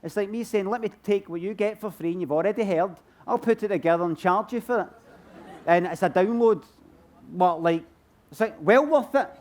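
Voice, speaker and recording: Glaswegian guy, kinda high voice, rambly and self-deprecating, live q&a on a stage. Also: moderate pace, a little mellow. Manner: rambling, self-mocking, laughs through answers. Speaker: comedian guest at book festival. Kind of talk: live Q&A answering audience. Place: stage at a book festival.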